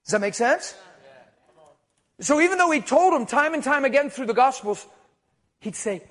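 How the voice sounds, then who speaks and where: A middle-aged man preaching a sermon, telling stories with hushed asides and loud bursts of emphasis. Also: extremely high pitch, normal speed, long pauses. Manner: storytelling, animated, swings between hushed asides and loud emphasis. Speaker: traveling preacher.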